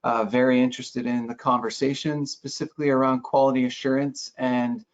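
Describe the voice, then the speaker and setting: A man's voice: medium pitch, flat delivery, a little fast, muffled recording. A man introducing himself on an online panel, explaining steadily with some fillers.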